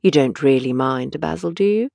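A woman voicing a witty, languid aristocratic gentleman with a drawling, teasing manner. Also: low voice, animated, normal speed, gravelly, dry recording, full character voice. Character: languid witty older aristocrat, mildly mocking.

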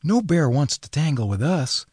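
An eager young farmhand reassures the family, voiced by a male narrator. His voice sits higher than the narrator's own and moves a lot. The audiobook recording is dry. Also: very animated, normal speed, darkish tone, slightly rough, no echo. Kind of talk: audiobook character voice.

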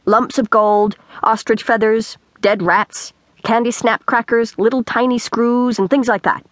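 A woman voicing a bold, cheerful girl who boasts freely in a quick, bright way. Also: fairly high pitch, steady tone, dry recording, studio quality, close to an everyday voice.

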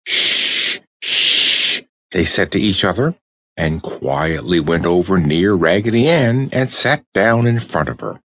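A man with a low, slightly husky voice reads a children's story aloud. His delivery is expressive, sweeping through wide, animated pitch. The sound is close and dry. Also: a little slow, no room sound. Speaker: audiobook narrator.

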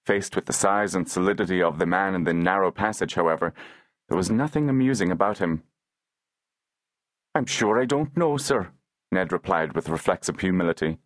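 A man narrates a historical novel in a low, grounded voice, taking his time over each sentence. The recording is dry and close, with no room sound. His delivery stays measured and even throughout. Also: dry recording. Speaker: audiobook narrator. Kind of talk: scripted audiobook narration.

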